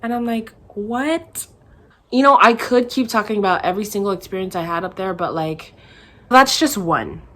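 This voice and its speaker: A young woman from Hawaii, a vlogger answering viewer questions in a chatty, animated way, acting out quotes as she tells stories. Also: medium pitch, brisk. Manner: chatty, animated, acts out quotes in other voices. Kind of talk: casual storytelling Q&A.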